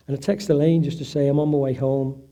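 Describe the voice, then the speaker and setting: A man's voice: mid-range voice, flat delivery, fast, mellow. A middle-aged man giving an emotional personal testimony at an event, acting out the voices of people he quotes. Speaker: event speaker, patient's husband.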